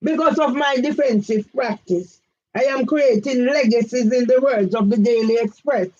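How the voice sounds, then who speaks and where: A woman's voice: on the high side, moderate pace, a little mellow, muffled recording. A woman, giving an emphatic direct-address complaint, firing pointed questions at one man by name. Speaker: campaigner vlogger.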